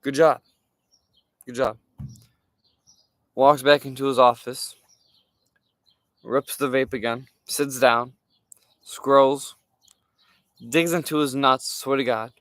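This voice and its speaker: A young man telling a story from his day in a casual, animated way, swearing and using lots of fillers. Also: medium pitch, slow, pauses often, no echo. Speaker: streamer.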